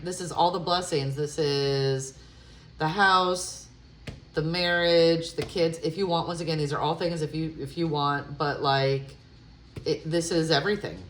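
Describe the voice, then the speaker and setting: Slow, gushing woman reading tarot. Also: deep voice, echoey room. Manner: effusive, gushing exclamations; intuitive, musing with hesitant fillers. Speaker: tarot reader. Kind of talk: tarot love reading to camera.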